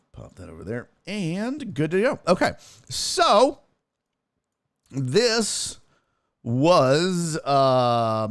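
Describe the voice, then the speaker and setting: A man hosting a casual streamed sports talk show, profane and excitable, chatting with his viewers. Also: mid-range voice, dry recording. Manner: profane, excitable, talks to chat.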